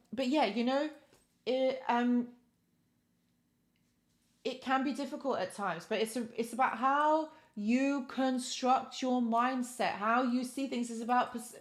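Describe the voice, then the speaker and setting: A woman with a fairly high voice hosting a live stream. She speaks encouragingly in a motivational style and reads viewer comments aloud as she goes.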